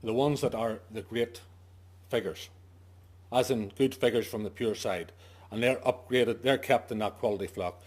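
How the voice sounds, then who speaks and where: A man's voice: mid-range voice, moderate pace. A man, a sheep farmer, giving an informal talk to fellow farmers, stressing his points and asking himself questions, with the odd joke. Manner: emphatic, asks himself questions and answers them; jokey asides. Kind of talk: informal talk to a farming audience.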